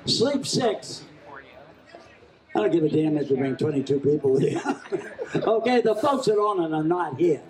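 A man calling a live charity auction, joking with the room and rattling off bids in a rapid chant. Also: fairly high pitch, lively intonation. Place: event hall at a charity gala. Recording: echoey hall with crowd. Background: crowd laughing and chatting.

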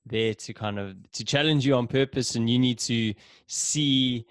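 An easygoing man co-hosts a podcast and responds to his guest in an affirming tone. His voice sits at a medium pitch for a man. The recording is dry, with no room echo. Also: measured pace, clean tone. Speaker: podcast co-host. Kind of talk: casual interview conversation.

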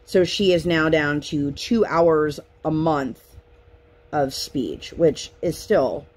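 A woman's voice: sits low, slow. A woman in her thirties chatting casually at home while she crafts, rambling through her week. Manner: rambling, chatty, lively storytelling. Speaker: craft vlogger.

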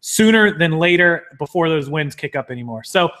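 Guy with a higher voice hosting a live stream, upbeat, calling out chat names. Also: animated, normal speed, fairly bright tone. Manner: upbeat, greets viewers by name. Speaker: YouTube live-stream host.

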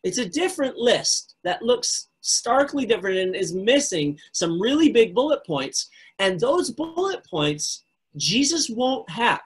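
A man preaching a sermon, retelling the story with animated storytelling and phrases repeated for emphasis. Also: very high voice, measured pace, slightly rough. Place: recorded remotely.

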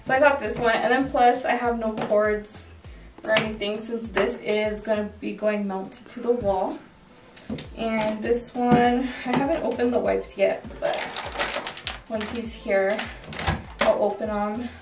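A woman's voice: on the high side, fairly even intonation, unhurried, reverberant, recorded from a distance, over music, low-quality recording. A young woman casually showing her baby's nursery in a chatty, rambling way, full of "like" and "um". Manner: chatty, filler-heavy, with frequent "like" and "um". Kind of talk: casual home tour chat. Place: indoors in a home nursery.

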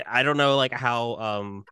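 A man playing a tabletop role-playing game, hesitant and unhurried as he works out his character's moves. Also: mid-range voice, bright, forceful tone, clean tone, dry recording. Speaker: player.

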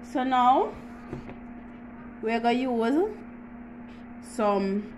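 A woman's voice: on the high side, animated, drawn-out words, darkish tone, slight background noise, low-quality recording. A woman with a Jamaican accent hosting a casual home how-to vlog, chatty and teasing, with frequent laughs. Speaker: YouTuber.

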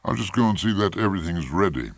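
A man's voice: sits low, animated, quick pace, gravelly, breathy edge, no echo, clean studio sound, voice pushed up, full character voice. A man reading a story aloud, voicing a curt, confident professional hunting guide who talks in clipped phrases. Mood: brisk. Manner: clipped, terse.

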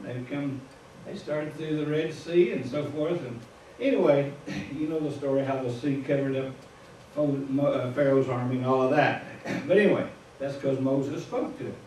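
Folksy Midwestern preacher in an echoey church. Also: male voice, fairly high pitch, darkish tone, slight background noise. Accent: Midwestern American. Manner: folksy storytelling, chuckles at his own asides. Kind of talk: informal sermon. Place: church sanctuary. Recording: echoey room, far from the mic.

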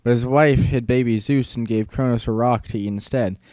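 A man voicing an awkward twelve-year-old boy who recites in a hesitant, halting way. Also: mid-range voice, steady tone, a little mellow, no room sound, lightly acted.

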